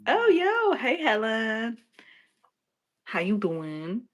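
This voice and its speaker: A young adult woman, a nurse, chatting casually and telling animated stories with frequent laughter. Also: on the high side, very slow. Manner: animated storyteller who laughs often. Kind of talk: casual chat.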